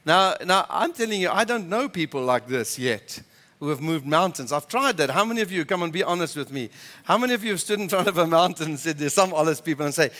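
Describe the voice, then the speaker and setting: A man preaches in church with a high-pitched, fairly bright voice, lively intonation and a fast delivery, the sound reverberating around the hall. Emphatic and passionate, he repeats words whenever he builds toward a point.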